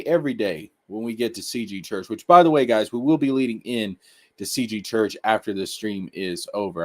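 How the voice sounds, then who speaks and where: A man hosting a casual live-stream anime review, talking excitably in slang and repeating his points. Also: on the low side.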